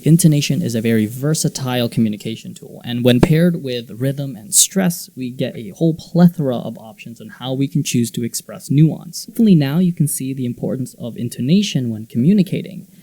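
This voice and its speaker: Man, teaching host, mellow tone, lively pitch, clear demonstrative delivery. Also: fairly quick, no room sound. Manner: clear, demonstrative delivery, acting out example phrases with varied intonation. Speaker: English teaching video host. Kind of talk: scripted explanatory narration.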